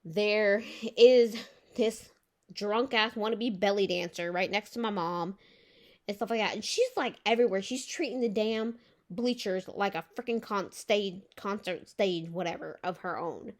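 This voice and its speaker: A woman's voice: mid-range voice, a little slow. Exasperated young woman ranting. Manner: exasperated, swears and says "like" often. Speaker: vlogger. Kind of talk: casual storytelling rant.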